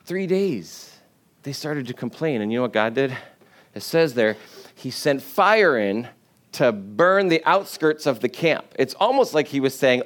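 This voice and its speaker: A man's voice: mid-range voice, very animated, measured pace. A man preaching a casual sermon, retelling scripture in a chatty, joking way and briefly acting out complaining voices. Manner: storytelling, acts out complaining voices in paraphrase.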